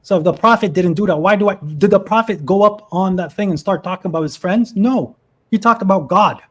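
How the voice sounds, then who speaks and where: A man's voice: sits high, a little fast. A man in his twenties on a video call, telling his story earnestly and with emotion in a casual livestream chat. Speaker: guest.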